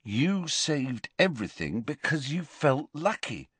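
A man's voice: a little high, sing-song, measured pace, fairly bright tone, husky, dry recording, full character voice. A man reading an audiobook voices a bold, mischievous teenage boy. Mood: teasing.

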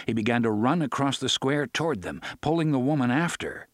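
An audiobook narrator, a man, reads a novel from a script in an expressive, measured manner. His voice sits at medium pitch, and the studio recording is clean with no echo.

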